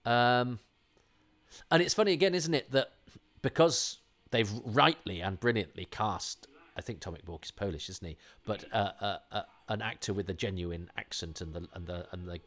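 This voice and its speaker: A man's voice: fairly low pitch, normal speed, a bit bright. A middle-aged man hosting a podcast, talking in a rambling, enthusiastic way with many restarts. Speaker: podcast host. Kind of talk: casual conversational commentary.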